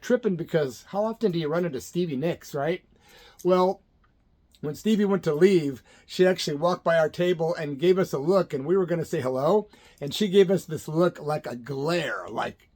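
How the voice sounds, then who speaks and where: A man's voice: on the high side, a little mellow. A middle-aged man from Illinois, hosting his own channel and telling a story in a laid-back, jokey way. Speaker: channel host. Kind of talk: casual storytelling to camera.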